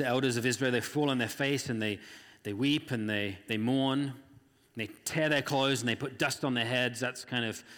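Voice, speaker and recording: A man's voice: mid-range voice, a bit bright. Earnest male preacher in a reverberant hall. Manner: earnest, conversational, acts out quoted voices. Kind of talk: sermon.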